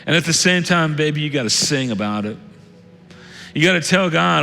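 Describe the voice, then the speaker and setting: A man preaching a sermon as lead pastor, earnest, swinging between loud urging and hushed tones. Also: on the high side, animated, moderate pace, vocal fry. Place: church sanctuary. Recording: reverberant church hall with soft music.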